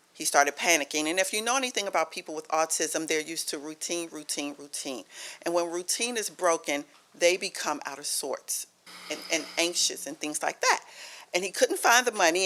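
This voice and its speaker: A middle-aged woman from Maryland speaks at a podium microphone during a public meeting, in a somewhat low voice. She tells her story with earnest, emphatic feeling and a storyteller's flow. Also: pushed and bright. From Maryland, USA. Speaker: honoree's guest speaking at a county board meeting. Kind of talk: heartfelt public remarks.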